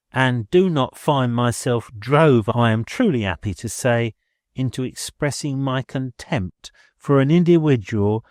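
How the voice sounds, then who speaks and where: A man's voice: medium pitch, a little mellow, no room sound, studio quality, pitched above the performer's own voice, close to an everyday voice. A man doing a lofty, sarcastic landlady. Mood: scornful. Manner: lofty, ungrammatical, cutting. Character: haughty, sarcastic lower-class middle-aged landlady.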